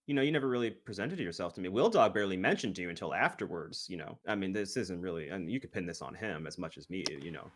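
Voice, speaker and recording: A man with a somewhat low voice, taking part in an improvised comedy chat. He is relaxed and playful and happily goes along with absurd ideas. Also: quick pace, few pauses. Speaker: guest YouTuber.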